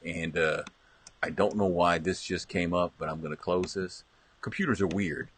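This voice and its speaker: A man's voice: sits low, normal speed, slightly rough. A middle-aged man hosting a stream, reminiscing in a rambling, casual way with frequent laughs and restarts. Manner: rambling, lively, laughs often, restarts a lot. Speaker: live stream host.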